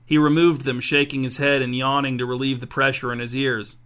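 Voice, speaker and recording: Man narrating a storybook in an even voice. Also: mid-range voice, a little fast.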